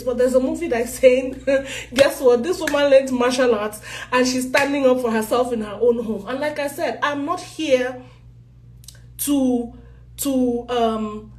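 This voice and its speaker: High, angry Nigerian woman ranting. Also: reverberant. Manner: angry, forceful, emphatic. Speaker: actress ranting in a live video. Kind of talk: impassioned live rant.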